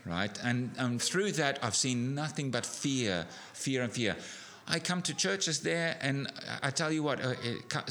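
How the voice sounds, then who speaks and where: A middle-aged man preaching a sermon, animated, building to emphatic peaks with frequent restarts. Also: mid-range voice.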